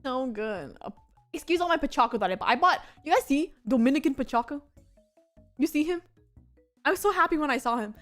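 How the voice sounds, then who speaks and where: A high-pitched young woman rambles through a casual streaming chat, bubbly and excitable, with "like" in nearly every sentence. Faint music plays quietly behind her. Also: brisk. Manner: excitable, rambling, heavy use of "like". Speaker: VTuber streamer.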